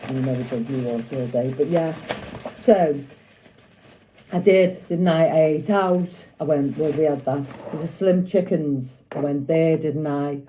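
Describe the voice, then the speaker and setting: A woman's voice: deep voice, background noise. A middle-aged woman chatting casually to camera in her home kitchen while she makes food, rambling with lots of tag questions. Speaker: vlogger.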